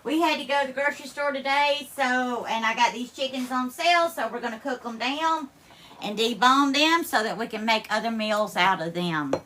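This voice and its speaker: A woman chats on a live stream from her home kitchen, voice high and lifted above most women's. Her tone is bright and ringing, and she is teary and on the edge of crying while she cooks. She thanks viewers one by one and calls them darling. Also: moderate pace. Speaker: livestream host. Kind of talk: casual live-stream chat while cooking.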